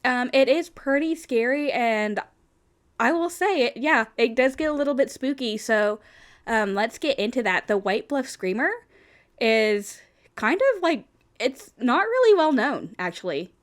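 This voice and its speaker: A woman's voice: on the high side, animated, a little slow. A young woman co-hosting a podcast, casually telling an urban legend, chatty with lots of fillers and blunt swearing for emphasis. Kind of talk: casual storytelling chat.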